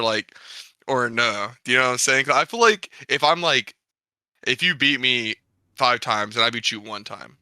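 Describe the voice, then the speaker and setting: A man's voice: mid-range voice, sharp tone, dry recording. A young man in casual podcast chat, rambling and emphatic, swearing freely as he vents about a game.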